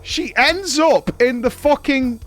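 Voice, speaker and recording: A man from Britain, hosting a show and telling a story in a casual recap, animated and swearing freely. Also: very high-pitched, takes it slowly, soft background music. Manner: animated, swears freely, acts out quoted dialogue. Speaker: show host.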